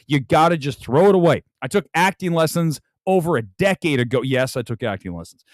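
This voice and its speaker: A man hosting a film talk show from a room lined with movie posters, speaking straight to his viewers. His voice sits a little high for a man and sounds close and dry. He gives blunt, emphatic opinions in a casual way. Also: no room sound. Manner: addresses the audience directly.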